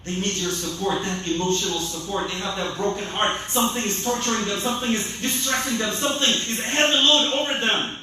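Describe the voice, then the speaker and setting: A man preaching a sermon as an imam, animated, acting out scolding voices of other people. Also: high voice, a little fast, few pauses, distant mic. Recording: echoey hall, voice from off-mic.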